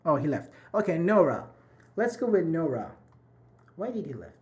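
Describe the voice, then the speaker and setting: A man's voice: a little high, very animated, moderate pace, darkish tone. A man teaching a live online English grammar class over a video call, encouraging his students and repeating and rephrasing each point.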